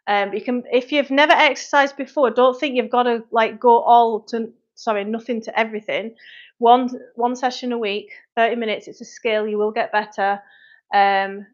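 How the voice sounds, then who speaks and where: Woman, personal trainer, livestream Q&A, frank asides, slightly high voice, muffled phone audio. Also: fairly even intonation. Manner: frank, chatty, quick asides to commenters. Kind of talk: livestream Q&A, reading viewer comments.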